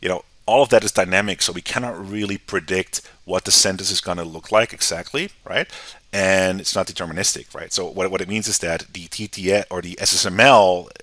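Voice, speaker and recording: An American man giving a casual, conversational software tutorial, often checking in with "right?". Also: deep voice, brisk, no room sound. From United States. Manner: relaxed, conversational, often tags sentences with "right?". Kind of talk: screen-recorded software tutorial.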